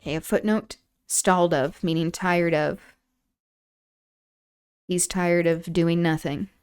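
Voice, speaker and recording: A woman streamer reading a classic novel aloud, breaking off for relaxed, chatty asides. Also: lowish voice, slow, clear, resonant tone. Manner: relaxed, chatty asides and laughter between passages.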